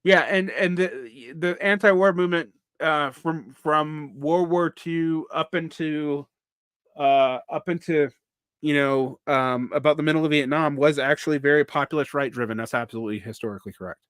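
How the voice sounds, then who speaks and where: A man with a Southern US accent hosts a live solo vlog and works through his points aloud. His delivery is halting, full of restarts and fillers, in a bright, forceful voice on the higher side. The sound is dry, with no room echo. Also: clear, resonant tone. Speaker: vlog host. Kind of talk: casual live commentary.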